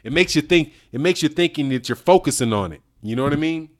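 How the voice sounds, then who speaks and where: A boxing channel host reads super chats during a casual livestream, speaking slangily, laughing often, and calling people "dog" and "man." He talks fast in a slightly high, expressive voice.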